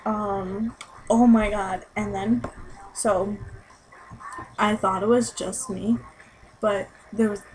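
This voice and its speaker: A woman's voice: medium pitch, fairly even intonation, takes it slowly, pauses often, darkish tone, slight background noise, rough recording. A young woman in a casual vlog, chatty and gushing as she recaps a concert, saying "like" constantly. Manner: chatty and gushing, heavy use of "like". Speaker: concert-goer recapping a show.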